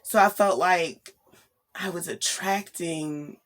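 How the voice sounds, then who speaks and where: A woman's voice: on the low side, slow pace, fairly bright tone. A young woman vlogging casually late at night, tired and rambling, laughing often and asking "you know what I'm saying?". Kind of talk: casual spiritual vlog.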